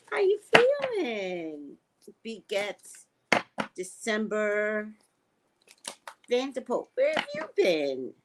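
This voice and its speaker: Chatty grandmother with lively swooping voice. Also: heavy background noise. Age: older. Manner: chatty, greets viewers by name with squealing high hellos. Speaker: live-stream psychic host. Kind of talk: casual live-stream chat with viewers.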